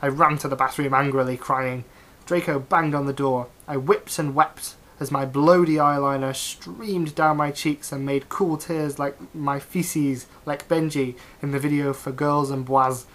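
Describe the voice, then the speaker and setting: A reader works through the text aloud in a mock-serious comedic reading. The delivery stays dry and straight-faced, broken up by wry asides. The voice sits at a middling pitch. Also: steady tone, a little slow, a bit bright. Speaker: reader of fan fiction.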